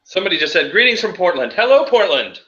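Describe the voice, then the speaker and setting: A man's voice: high voice, big pitch swings, fast, a bit bright, dull audio. A man co-hosting a casual roundtable chat, cheeky and laughing often. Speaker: podcast co-host.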